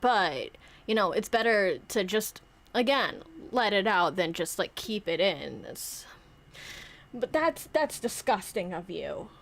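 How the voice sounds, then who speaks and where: A woman's voice: medium pitch, big pitch swings, a little slow. A young woman streamer chatting casually in a playful, rambling way, often interrupting herself as she acts out skits with her toys. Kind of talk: casual chat.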